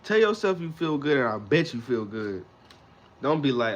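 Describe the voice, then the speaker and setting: A man talking straight to his livestream viewers with a motivational message. He speaks emphatically and repeats his lines in a preacher-like rhythm, and his voice sits at an average pitch for a man. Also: sing-song, normal speed, lo-fi sound. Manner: emphatic, repetitive, preacher-like cadence. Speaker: livestream host. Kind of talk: motivational live talk.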